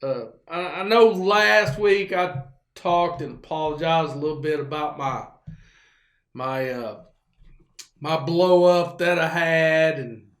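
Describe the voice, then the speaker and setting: Folksy high-voiced man from rambling. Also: slow pace, fairly bright tone, reverberant. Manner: rambling, folksy, with many fillers and restarts. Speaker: show host. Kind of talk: casual storytelling monologue.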